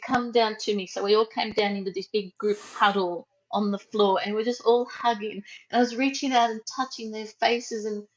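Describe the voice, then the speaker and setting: A woman guest on a podcast telling a deeply personal story in a soft, slow, heartfelt way, often trailing off. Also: lo-fi sound. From Australia.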